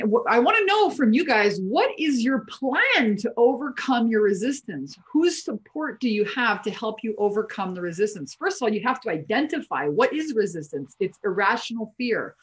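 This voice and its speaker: A middle-aged woman from Canada, a business coach giving a blunt, profane, emphatic motivational talk on a live stream from her home office. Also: a little high.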